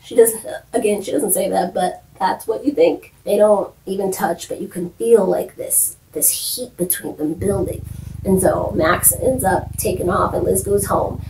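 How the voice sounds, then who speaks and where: A woman hosting a casual, playful recap vlog, chatting with quick asides. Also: medium pitch, steady tone, creaky, a little mellow, slight background noise. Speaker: vlog host recapping TV shows. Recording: echoey room, mic at a distance.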